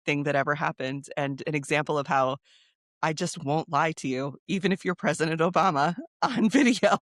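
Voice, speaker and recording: A woman in her thirties, a news creator, telling a story in a casual interview, chatty and quick. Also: sits low, dry recording, clean studio sound. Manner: chatty, fast, with quoted voices and laughs.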